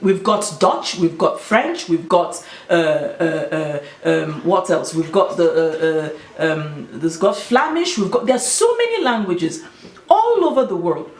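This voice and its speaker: A woman's voice: on the low side, big pitch swings, measured pace. Emphatic Nigerian woman vlogging, echoey room. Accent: Nigerian (Igbo). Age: adult with children. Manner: emphatic, explaining and storytelling. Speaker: YouTuber. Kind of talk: casual vlog talk.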